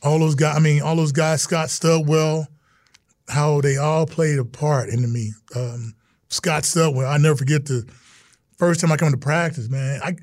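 A middle-aged man, formerly a pro football player, earnestly relates stories in an informal interview and acts out quoted voices. His voice is a little high and a little mellow, with a steady tone and moderate pace, in clean studio sound without echo.

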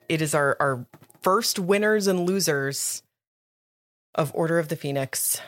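A woman co-hosting a podcast in casual chat, bubbly and quick to laugh and squeal with excitement. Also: low voice, soft background music. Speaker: podcast co-host.

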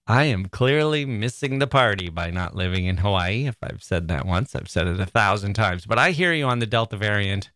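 A man's voice: on the low side, animated, brisk, few pauses, fairly bright tone, no room sound, clean studio sound. A man hosting a literature podcast in a reflective, wry, conversational way, chuckling now and then. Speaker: podcast host.

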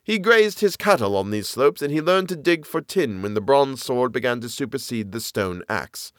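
Man reading keen naturalist gentleman, lecturing, animated pitch, dry close sound. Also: moderate pace, no echo, natural voice.

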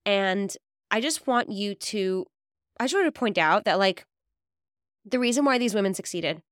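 A woman's voice: mid-range voice, no room sound, clean studio sound. A woman podcast host giving a conversational promotional outro for her coaching program.

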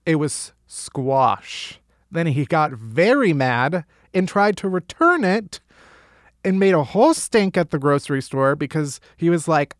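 Sarcastic comedy host, a man with a slightly high voice and a dry, close sound, swearing freely through the news. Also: no room sound. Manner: sarcastic and profane, with frequent laughs. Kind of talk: casual comedic news roundup.

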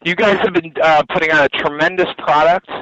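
A man co-hosting a podcast, chatting casually in a jokey, animated way. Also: brisk, dry recording, dull audio. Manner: jokey, animated, slips into goofy high voices. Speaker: podcast co-host. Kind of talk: casual chat.

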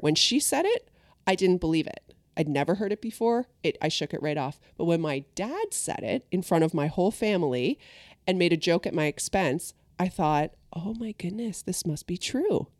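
A woman's voice: on the low side, a little fast, dry recording, clean studio sound. A woman in casual conversation, animatedly telling a childhood story and acting out what people said. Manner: animated storyteller, acts out quotes.

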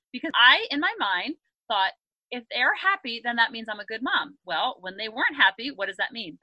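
Upbeat bright-voiced woman parenting coach. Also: a little high, no echo, muffled recording. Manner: upbeat, animated storytelling with acted quotes. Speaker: parenting coach and podcast guest. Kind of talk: conversational interview.

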